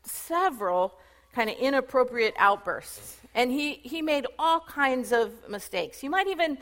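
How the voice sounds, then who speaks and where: A woman retelling Bible stories in a casual, chatty sermon, animated and full of fillers. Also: high voice, measured pace. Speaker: Bible teacher.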